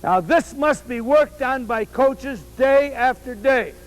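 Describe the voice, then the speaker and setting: Emphatic high-voiced male baseball coach. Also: slow pace, rough recording. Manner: emphatic, repeats key phrases, directs players. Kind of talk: instructional demonstration. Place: outdoor baseball field. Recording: old VHS tape transfer.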